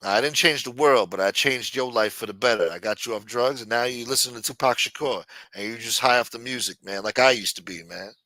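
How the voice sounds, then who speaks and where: Ny dude rambling crude stories on his stream, punchy bright voice, dead dry sound. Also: mid-range voice, fairly quick, few pauses, dry recording. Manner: profane, rambling storyteller. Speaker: livestream host. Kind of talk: casual livestream storytelling.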